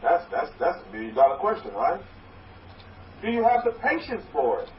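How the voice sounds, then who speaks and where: A high-pitched man preaches from some distance away, his voice bouncing around an echoey room. The sound is muffled and dull, with faint noise underneath. He exhorts his listeners in a rambling way, restarting sentences as he goes. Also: sing-song, normal speed. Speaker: rabbi. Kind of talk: sermon.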